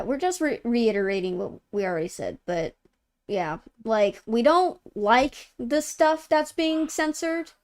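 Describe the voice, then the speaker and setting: High-voiced woman rambling on a stream. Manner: rambling, full of "like" fillers. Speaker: co-host of a gaming news show. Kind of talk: casual live-stream chat.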